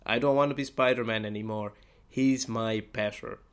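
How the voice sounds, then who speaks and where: A man's voice: lowish voice, steady tone, normal speed, clear, resonant tone, lightly acted. A man voicing a superhero who dramatically hands over his role to a better man. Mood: dramatic. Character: humbled male superhero conceding his role.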